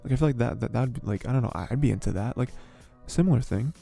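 Rambling young man with gravelly dark voice. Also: medium pitch, quick pace, soft background music. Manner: rambling, filler-heavy, exasperated. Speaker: podcast host. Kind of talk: casual commentary.

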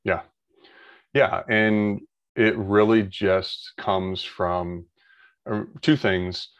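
A man's voice: lowish voice, fairly even intonation, very slow, dry recording, dull audio. A man, talking in a casual podcast chat, rambling with many restarts. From Ohio, United States. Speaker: guest.

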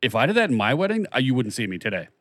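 Fast, wisecracking male co-host. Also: mid-range voice, big pitch swings, a bit bright, dry recording, clean studio sound. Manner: sarcastic wisecracks. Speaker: podcast co-host. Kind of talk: casual chat.

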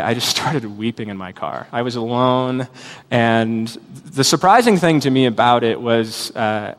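A male pastor delivers a sermon in an earnest, reflective way, weaving in personal stories. His voice sits at an ordinary middle pitch. A long reverb hangs around him, as in a church sanctuary.

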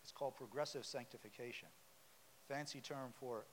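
A pastor with a high voice preaches at a normal speed in a church sanctuary, keeping it conversational and putting questions to the congregation. A long hall reverb and faint hiss mark the recording.

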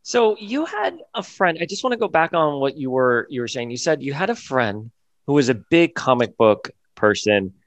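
Lively male co-host, dry sound. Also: medium pitch, normal speed, dry recording. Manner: eager, stacks several questions at once. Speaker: interview co-host. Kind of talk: casual interview.

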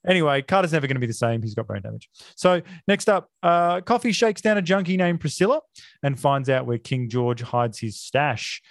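A man co-hosting a podcast walks through a film's plot in a loose, chatty way, dropping filler uhs and casual swearing as he goes. His voice sits at an ordinary pitch and sounds dry and close to the mic. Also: very animated, a little fast, no echo. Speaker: podcast co-host.

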